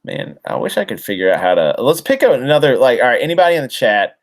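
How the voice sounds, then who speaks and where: On a relaxed comics podcast, a male co-host recaps a story in casual conversation. His medium-pitched voice swings widely in pitch and moves fast, and his delivery rambles, packed with fillers, ums, and false starts.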